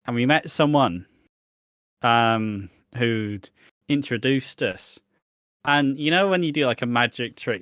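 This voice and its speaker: A British man co-hosting a podcast, telling stories in a sweary, animated, casual way. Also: medium pitch, dry recording, clean studio sound. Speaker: podcast co-host. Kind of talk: casual chat.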